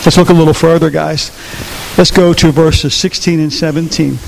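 Male preacher, sermon, high voice, animated and repetitive, echoing hall, faint hiss. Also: moderate pace, gravelly. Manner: animated, repetitive, asks the audience questions. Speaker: pastor.

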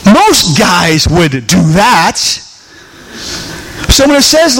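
Middle-aged guy preaching, high voice, bouncing all over, keeps repeating himself for emphasis. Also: extremely slow, pauses often, faint music behind, poor audio. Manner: animated preaching, repeats lines for emphasis, asks the congregation questions. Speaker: pastor. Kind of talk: sermon. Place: church sanctuary with congregation.

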